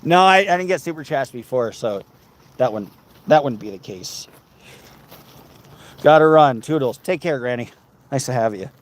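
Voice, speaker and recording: A man livestreaming while walking outdoors, reading viewer comments aloud and bantering with his chat. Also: medium pitch.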